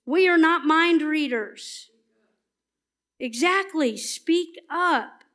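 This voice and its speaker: A woman giving a passionate, emphatic sermon at church that often turns soft and earnest. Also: high-pitched, very slow. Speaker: church speaker.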